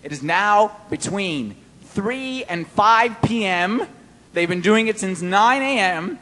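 A man preaching a sermon-style Bible study, animated and playful, quizzing his listeners. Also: sits high, slow pace, long reverb tail.

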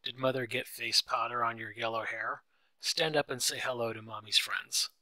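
A man reads a glamorous young mother, sweet and doting. The delivery is bright and close, with a coy, affectionate lilt. It sounds like a storybook reading. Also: mid-range voice, steady tone, normal speed, no echo, poor audio.

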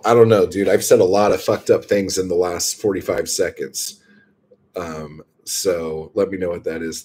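A man's voice: low voice, a little mellow, breathy edge. A man chatting casually to viewers, telling rambling stories full of swearing. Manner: profane, rambling storytelling. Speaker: streamer.

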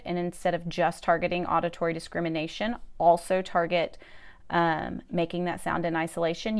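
A young adult woman, a speech therapist, explaining a classroom activity step by step in an upbeat, chatty way with some fillers. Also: fairly low pitch. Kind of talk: instructional video demonstration.

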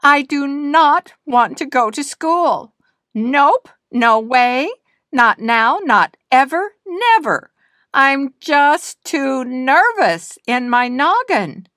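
A woman's voice: mid-range voice, very animated, slow, fairly bright tone, no room sound, clean studio sound. A woman voicing a nervous, stubborn little girl nandu bird in a storybook reading, refusing things in anxious, whiny refrains. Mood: wailing.

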